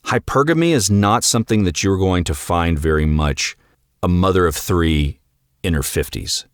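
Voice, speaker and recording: Brief: podcast host and coach, low voice, very animated delivery, direct manner. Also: male voice, dry recording, studio quality. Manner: direct and coaching, often acting out dialogue. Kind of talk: solo podcast monologue.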